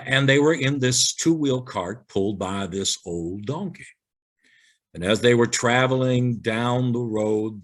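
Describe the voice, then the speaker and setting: A male pastor telling funny stories and reading church signs in a light-hearted sermon, acting out the characters as he goes. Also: on the low side.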